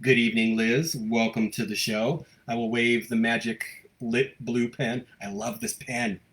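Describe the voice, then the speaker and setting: A man with an American accent hosts a live stream from home, greeting viewers and reading their comments out loud. He talks quickly and stays upbeat and gushing, and his voice sits at a middle pitch. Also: fairly even intonation. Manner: fast-talking, upbeat, gushing. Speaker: host of a local live show.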